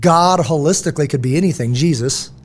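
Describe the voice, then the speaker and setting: A middle-aged man hosts a casual podcast conversation, telling stories with animation and acting out the voices he quotes. His pitch is fairly high and he talks fairly quickly.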